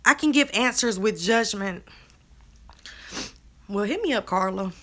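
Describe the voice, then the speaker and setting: A woman, talking to her viewers in a casual live stream, animated and drawling. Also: medium pitch, measured pace. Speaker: co-host of a live video chat. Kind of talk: casual live-stream chat reading comments.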